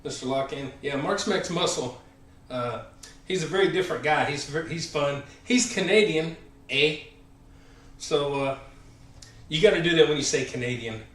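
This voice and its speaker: A man's voice: on the high side, moderate pace. A man in his forties with a Southern American accent, chatting casually on a fitness live stream between workout sets, rambling with lots of fillers and sounding a bit winded. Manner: rambling, filler-heavy, friendly shout-outs. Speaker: fitness channel host. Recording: echoey room, voice far from the mic.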